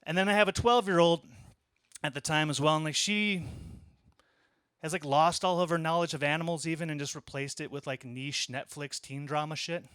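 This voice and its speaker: A man in his thirties telling a conversational story in a stand-up set, with deadpan asides. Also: a little high, normal speed, clean tone, dry recording, clean studio sound. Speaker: stand-up comedian. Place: small comedy club.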